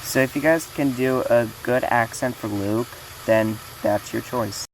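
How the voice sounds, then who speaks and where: A woman's voice: rumbling low, measured pace. A woman casually announcing a fan series casting call, rambling with fillers and restarts, over a noisy hiss.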